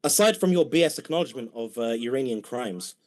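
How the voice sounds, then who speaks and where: A man's voice: medium pitch, expressive, quick pace. A man with a British accent debating heatedly, mocking and combative toward his opponent.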